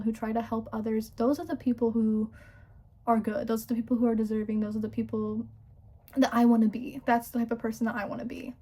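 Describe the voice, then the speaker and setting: A woman's voice: on the high side, a little mellow. A young woman in an emotional personal monologue, raw and profane, stumbling over restarts and close to tears.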